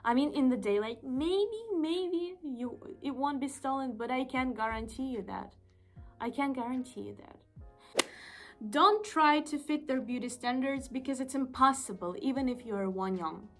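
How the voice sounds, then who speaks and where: A woman's voice: high-pitched, normal speed, a bit bright, faint music behind. A young woman from Estonia chatting casually to the camera as a vlogger, emphatic and repeating her points.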